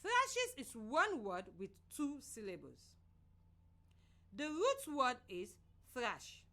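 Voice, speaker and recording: A woman from Sierra Leone teaching a children's reading lesson on the radio in a slow, clear, sing-song voice. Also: high-pitched, wildly swooping pitch, pushed and bright.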